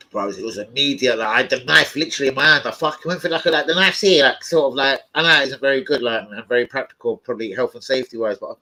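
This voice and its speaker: Young guy ranting funny stories, swears constantly, bright sharp voice. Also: mid-range voice, low-quality recording. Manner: swears a lot, loud animated storytelling with yelps and laughs. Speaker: host of a football fan channel. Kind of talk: casual chat.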